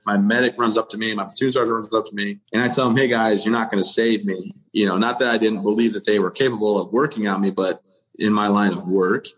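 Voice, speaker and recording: A man in his thirties, an army veteran guest in an interview, telling his story in a steady, matter-of-fact way with dry humor. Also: lowish voice, rough recording.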